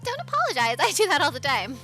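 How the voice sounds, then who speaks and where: Casting: bubbly game schoolgirl, giggly and squealing, high lively voice, voiced by a woman. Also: fast talker, faint music behind, full character voice.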